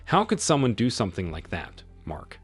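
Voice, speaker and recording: A man's voice: on the low side, huge pitch swings, moderate pace, slightly rough, exaggerated voice. A man voicing a distraught, slightly drunk wife who mumbles and pleads in a quivering voice, over faint music. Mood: pleading.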